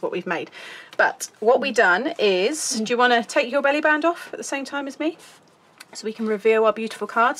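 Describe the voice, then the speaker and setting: A woman's voice: mid-range voice, a bit bright. British woman, casual craft tutorial chat, giggly, rambling, friendly host talk. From United Kingdom.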